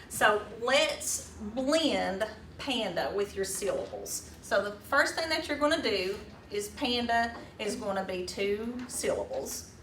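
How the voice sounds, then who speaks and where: A woman with a medium-pitched, slightly bright voice leads a hands-on teaching workshop as a teacher trainer, speaking casually with fillers and restarts. The mic is distant, the room echoes, and there's faint room noise.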